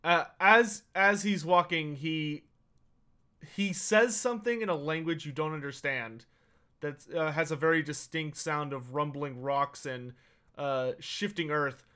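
A man narrating as game master of a tabletop role-playing game, pausing often with fillers as he describes scenes. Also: on the high side, sharp tone, clean tone. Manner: halting, many uh fillers while narrating.

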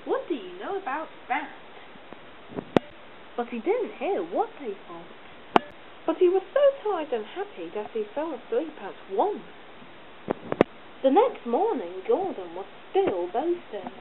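A woman reads a storybook aloud, animated and fond of sound effects. Her high voice swings widely in pitch. The sound is thin and phone-like with loud noise behind it. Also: unhurried.

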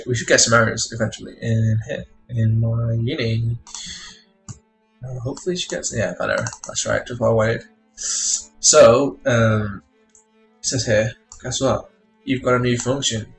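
A man's voice: medium pitch, fairly even intonation, a little slow, creaky, rough recording. A man streaming his game programming, thinking aloud and muttering to himself as he types code. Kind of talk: live coding narration. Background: music and keyboard typing.

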